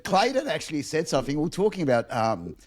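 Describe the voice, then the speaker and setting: A man's voice: on the high side, very animated, fast, husky. A middle-aged man, a podcast guest and car diagnostics instructor who talks in a teasing, self-mocking way. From Australia. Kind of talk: casual chat.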